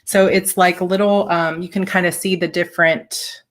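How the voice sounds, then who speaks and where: A woman's voice: lowish voice, flat delivery, moderate pace. A woman hosting a casual live chat, opening fan mail and gushing, tearful and laughing often. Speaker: author and channel host.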